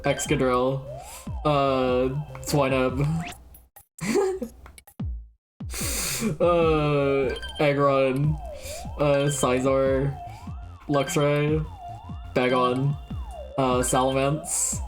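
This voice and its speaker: Very low-voiced woman streamer, slow and sweary. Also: faint music behind. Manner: profane, blurts out guesses, laughs at herself. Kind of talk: casual gameplay commentary.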